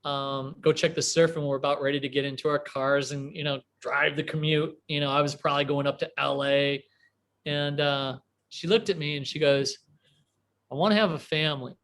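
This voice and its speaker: A man in his forties from a small Midwestern town, telling a rambling, animated story as an interview guest, full of fillers and restarts. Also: a little high, moderate pace. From US Midwest, small town near Chicago. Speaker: guest entrepreneur.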